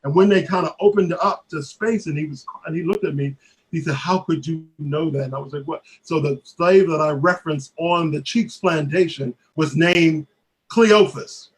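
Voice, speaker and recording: A man leading a creative writing workshop, telling stories in a lively way with many fillers and restarts. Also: on the high side, normal speed. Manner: animated storyteller, many fillers and restarts, acts out quoted voices. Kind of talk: casual workshop talk.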